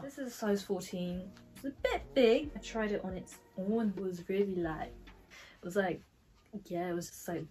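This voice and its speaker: A woman's voice: medium pitch, dark tone, low-quality recording. Chatty woman vlogging a haul. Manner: chatty, casual, full of fillers. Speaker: fashion vlogger. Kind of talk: try-on haul vlog.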